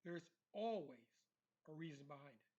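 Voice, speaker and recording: A man's voice: a little high, animated, moderate pace, mellow, slightly rough. Emphatic man on a dull lo-fi recording. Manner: emphatic, repetitive. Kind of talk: monologue commentary.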